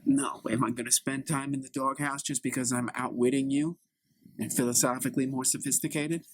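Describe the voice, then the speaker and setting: A man's voice: medium pitch, flat delivery, brisk, noisy background, close to an everyday voice. A man voicing a cheeky, argumentative grown son who talks back sarcastically, in a solo improvised comedy scene. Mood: sarcastic.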